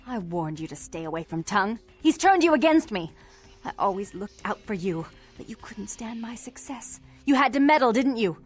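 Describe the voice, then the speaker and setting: A woman's voice: medium pitch, natural voice. A woman voicing two feuding vampire sisters in a video game, contemptuous and dramatic.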